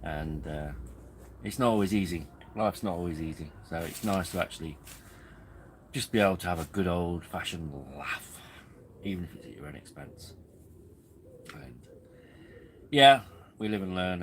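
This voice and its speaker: A man's voice: deep voice, a little hiss or hum, low-quality recording. A man hosting a live camping stream, chatting casually in a rambling way and chuckling often. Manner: rambling, chuckling, easily amused. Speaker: camping livestream host. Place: outdoors at a campsite.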